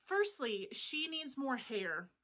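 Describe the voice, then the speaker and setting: A woman's voice: sits high, sing-song, takes it slowly, a bit bright. A woman hosting a crochet channel, rambling in casual, meandering chat full of fillers, at home. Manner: chatty, meandering, lots of fillers.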